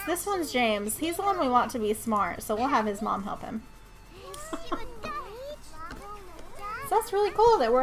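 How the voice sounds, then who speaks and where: A woman with a North Georgia Southern accent chats with her viewers as she plays. Her voice sits a little high, and she keeps breaking into giggles as she jokes along. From North Georgia, USA. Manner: giggly, chatty, jokey. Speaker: live streamer. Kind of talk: casual live-stream chat while playing.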